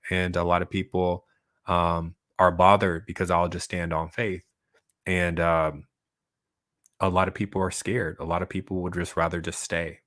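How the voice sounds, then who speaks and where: A man with a low, deep voice talks loosely and at length to his channel's viewers, reacting to their comments as he goes. He keeps tagging his points with "right?" and breaks into short laughs. The sound is dry and close, with no room echo. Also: flat delivery, moderate pace, fairly bright tone. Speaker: channel host. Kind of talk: casual livestream monologue answering viewer comments.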